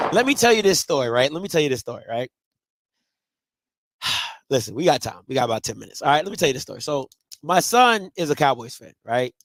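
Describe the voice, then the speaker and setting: Snowed in at home, a man in his thirties hosts a casual livestream, telling stories with animated energy and lots of repeated phrases. His voice is high-pitched and there's no echo.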